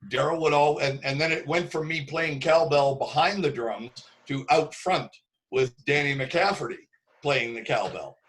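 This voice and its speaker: Older man spinning animated stories. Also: fairly high pitch, moderate pace, poor audio. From Canada. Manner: lively storyteller who acts out quoted voices. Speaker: guest drummer. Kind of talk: casual interview storytelling.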